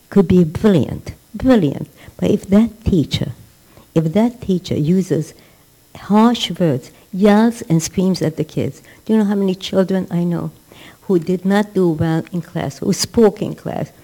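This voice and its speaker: A woman's voice: lowish voice, measured pace, warm tone, poor audio. A woman giving a religious class as a rebbetzin, emphatic and repeating words for stress. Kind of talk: religious lecture.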